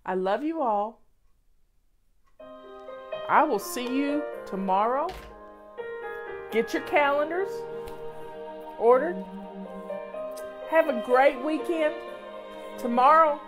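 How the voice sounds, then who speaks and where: A woman's voice: high-pitched, lively intonation, takes it slowly, pauses often, over music. A woman hosting a casual question-and-answer show, giving affectionate, encouraging advice to her viewers.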